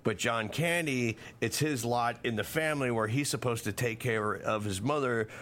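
A man's voice: mid-range voice, normal speed, a bit bright, slight background noise. A man co-hosting a casual podcast, talking at length with frequent restarts and fillers. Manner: rambling, many restarts and fillers. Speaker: podcast co-host. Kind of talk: casual chat.

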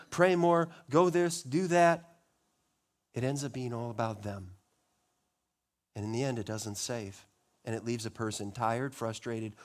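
A man preaching a sermon as pastor, swinging between loud, impassioned pleas and hushed, quiet passages. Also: fairly high pitch.

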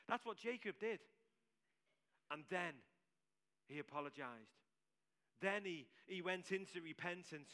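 A man's voice: high-pitched, unhurried, long pauses, pushed and bright. A man preaching a sermon to his church, emphatic and repeating his key phrases for weight. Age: adult with several children.

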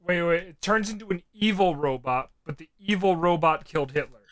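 A man's voice: high voice, fairly quick, a bit bright. A man co-hosting a casual podcast, nerdily explaining franchise lore. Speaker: podcast co-host.

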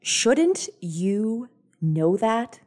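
A woman's voice: on the high side, big pitch swings, extremely slow, a little mellow. A woman playing a tabletop game, speaking emotionally in character as a mother. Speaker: player. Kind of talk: tabletop role-play.

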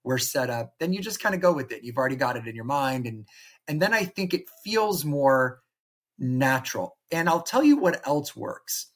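A man's voice: medium pitch, expressive, moderate pace, fairly bright tone. A man co-hosting a podcast in casual conversation, telling stories and acting out bits of dialogue. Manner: storytelling, acts out quoted dialogue. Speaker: podcast co-host.

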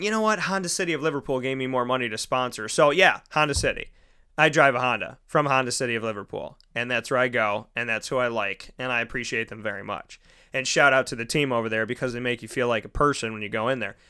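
A man's voice: medium pitch, pushed and bright, clean tone. A young man hosting a casual monologue, rambling through personal stories and acting out the people in them. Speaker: podcast host.

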